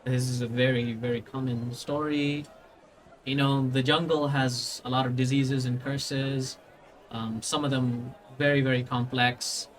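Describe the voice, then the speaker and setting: Guy voicing a tired guard, slow and bored, brushing people off. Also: mid-range voice, little pitch movement, a little hiss or hum, lightly acted. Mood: dismissive. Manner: slow, bored, matter-of-fact. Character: weary, dismissive city guard man.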